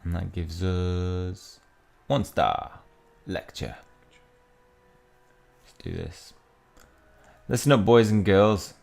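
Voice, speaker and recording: Low gravelly-voiced man gaming. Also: big pitch swings, slow pace, long pauses, a little mellow. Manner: chatty, rambling, reads in-game text aloud. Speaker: mobile game let's-play host. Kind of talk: casual gaming commentary.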